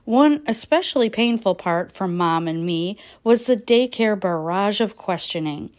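A woman's voice: medium pitch, expressive, measured pace. Give me a woman reading her own essay aloud, wry and plain. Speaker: writer reading her nonfiction.

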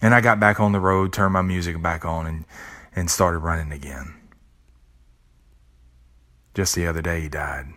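Deep voiced guy doing a reflective podcast talk, earnest, swears casually, repeats himself. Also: steady tone, normal speed, long pauses, fairly bright tone. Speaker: podcast host. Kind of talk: reflective spoken monologue.

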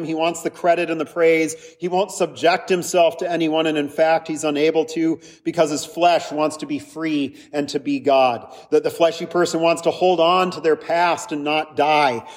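Man preaching casually in a reverberant church. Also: fairly high pitch. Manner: conversational, jokey, with many restarts. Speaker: pastor. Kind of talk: sermon. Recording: hall reverb.

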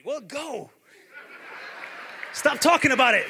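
A man preaching a sermon as pastor, moving between quiet reflection and fervent shouted declarations. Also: very high-pitched, lively intonation, moderate pace, vocal fry, in a large hall, a crowd in the background, noisy background. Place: church sanctuary.

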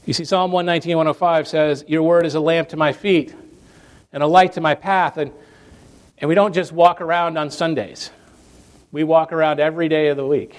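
A man's voice: fairly high pitch, steady tone, moderate pace. A man preaching a sermon to his congregation in an earnest, emphatic way, stacking phrases in lists and repeating them for weight. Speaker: pastor.

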